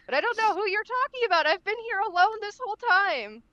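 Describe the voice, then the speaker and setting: A woman's voice: extremely high pitch, sing-song, quick pace, bright, forceful tone, dry recording, muffled recording. A woman playing a tabletop game, speaking in character as a flustered, apologetic elf who laughs often. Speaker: player. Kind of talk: in-character role-play.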